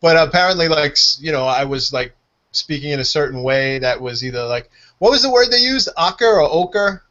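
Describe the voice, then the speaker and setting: A man with a New York accent, co-hosting a casual chat, profane and animated. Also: on the high side, a little fast, muffled recording. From United States. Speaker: co-host.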